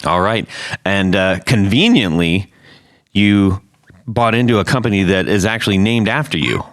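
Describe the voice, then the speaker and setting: A man's voice: on the low side, moderate pace, fairly bright tone, no room sound. A man hosting a podcast in casual chat, joking around with his co-hosts, on a close studio mic. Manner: jokey, playful banter. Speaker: podcast host. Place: home studio around a dining table.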